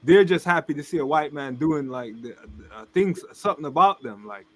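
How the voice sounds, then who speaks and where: A man's voice: on the high side, lively intonation, a little fast, over a noisy crowd. A man co-hosting a casual podcast, talking in loose filler-heavy sentences with exasperation. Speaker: podcast co-host. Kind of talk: casual chat.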